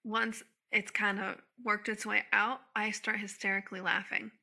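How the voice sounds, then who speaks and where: Bright-voiced woman hosting a chat. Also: mid-range voice, flat delivery, moderate pace, gravelly. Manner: open, warm sharing, giggly. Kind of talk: casual conversation.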